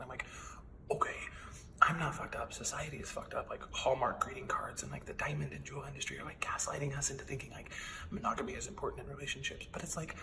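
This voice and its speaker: A man in his twenties rattles through a comic story at a rapid clip, his voice gravelly with fry. He is chatty and self-deprecating and slips into whispered asides. Faint room noise sits behind him. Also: medium pitch. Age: 20s. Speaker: comedian. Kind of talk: rambling comic storytelling monologue.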